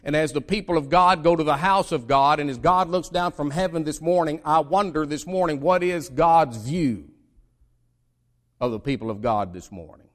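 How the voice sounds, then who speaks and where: Preacher, male, American, slightly high voice, emphatic sermon delivery with big pitch swings and stumbling restarts. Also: normal speed. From United States. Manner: emphatic preaching with many repeated starts and dramatic pitch swings.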